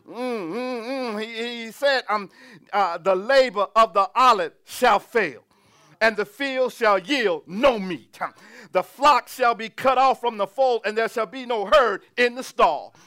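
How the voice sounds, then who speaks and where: A man preaching a sermon, reading scripture and building to shouted, humming, laughing exclamations. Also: very high-pitched, unhurried, smooth.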